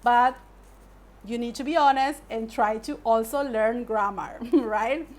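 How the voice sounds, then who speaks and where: Woman english teacher, slow careful delivery, a bit high voice. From Paraguay. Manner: measured, explanatory, asks "right?" often. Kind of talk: language lesson.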